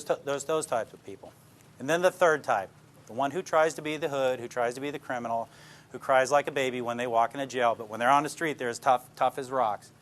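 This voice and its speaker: A man's voice: medium pitch, a bit bright. Plainspoken older man telling police stories. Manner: plainspoken, tells stories, checks in with the listeners. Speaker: police detective speaking to a class. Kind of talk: informal lecture with anecdotes.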